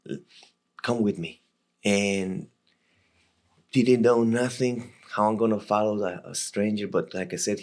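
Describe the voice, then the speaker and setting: Costa Rican man, 30s, low gravelly voice, halting guest telling his story with many restarts. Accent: Costa Rican Spanish. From Costa Rica. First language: Spanish. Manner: halting, repeats and restarts words often. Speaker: guest, former legionnaire. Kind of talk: casual storytelling interview.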